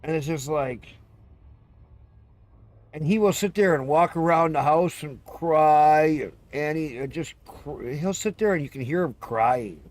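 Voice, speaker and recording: His voice is fairly high-pitched with a darkish tone. Streaming live, he chats casually in rambling pet stories, cursing freely and breaking into little meows and dog impressions.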